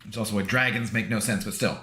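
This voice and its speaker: Talking fast in a lowish voice, this American gaming streamer rambles to his chat while he plays, laughing often and poking fun at himself. Background noise is audible, and the echoey room carries faint music.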